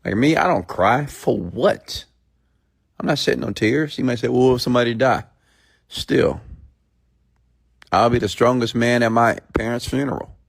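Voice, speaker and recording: A man's voice: mid-range voice, normal speed, creaky, long pauses. A man hosting a live stream, ranting bluntly and preachily at his viewers, often checking in with "okay?" and reading out their comments. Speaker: host.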